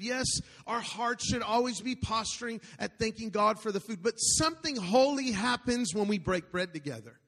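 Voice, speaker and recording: Middle-aged male pastor, high-pitched, animated and joking with his congregation; reverberant church hall. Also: moderate pace, vocal fry. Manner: animated, joking storyteller with call-outs to the congregation. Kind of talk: sermon. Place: large church auditorium.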